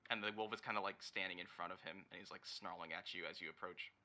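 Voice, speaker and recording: A man running a tabletop game as dungeon master, narrating in a halting, rambling way as he searches for words. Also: deep voice, fairly even intonation, bright, forceful tone.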